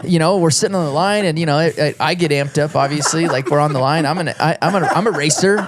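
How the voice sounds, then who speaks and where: A man's voice: a little high, fast talker, background noise. A man in his thirties, a retired racer and podcast guest, telling stories in casual chat, rambling with many restarts and swearing freely.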